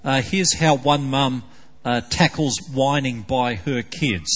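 A male pastor delivers his sermon with a mid-pitched, ordinary voice, poking gentle fun at his listeners with one rhetorical question after another. His words ring out with the long reverb of a church hall. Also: slow pace, breathy edge. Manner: playful, full of teasing rhetorical questions.

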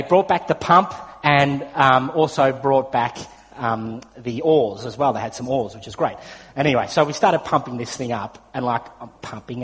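Aussie bloke preaching, rambly and chatty with lots of ums, long hall echo. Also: male voice, medium pitch, fairly bright tone. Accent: Australian. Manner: chatty storytelling with frequent fillers. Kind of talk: sermon with personal story.

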